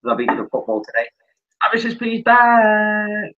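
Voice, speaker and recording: A man's voice: sits high, sing-song, normal speed, phone-quality sound. A man hosting a casual live stream, chatty and apologetic, greeting viewers by name, a few drinks in.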